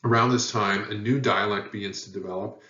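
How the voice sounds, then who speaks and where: A man giving a recorded lecture, relaxed and thinking aloud with many fillers. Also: lowish voice, fairly quick. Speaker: teacher. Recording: echoey room heard from far, dull sound.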